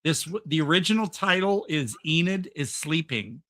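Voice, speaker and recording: A man's voice: fairly high pitch, expressive, normal speed, a bit bright, dry recording. A man hosting a casual podcast chat, talking in an enthusiastic, rambling way with lots of "um"s and restarts. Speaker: podcast host.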